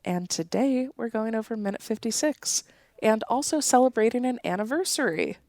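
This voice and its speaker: Gravelly-voiced woman podcast host. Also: fairly high pitch, lively intonation, moderate pace, darkish tone, dry recording. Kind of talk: casual podcast chat.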